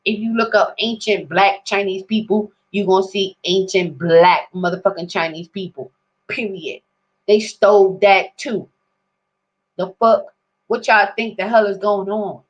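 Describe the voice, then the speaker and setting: A woman's voice: mid-range voice, fairly even intonation, measured pace. Woman going off on a rant to her viewers, cussing a lot, keeps saying you understand me, kinda muffled lo-fi audio. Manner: rambling, profane, street slang, keeps asking "you understand?". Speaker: vlogger. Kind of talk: casual profane rant to viewers.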